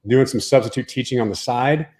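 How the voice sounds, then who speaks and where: A man who grew up in Texas tells a long personal story as a guest. He talks in an emphatic, casual way, swears often, and sits at a middling pitch for a man. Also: fairly quick, a little mellow. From Texas, Dallas-Fort Worth area. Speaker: guest, former pro baseball player.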